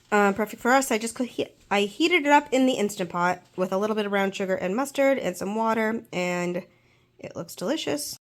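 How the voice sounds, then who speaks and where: A woman's voice: mid-range voice, a little hiss or hum. Congested woman chatting through a kitchen vlog. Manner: chatty, practical, with frequent ums. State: congested from a cold. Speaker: home cooking vlogger. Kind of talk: casual kitchen vlog narration. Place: home kitchen.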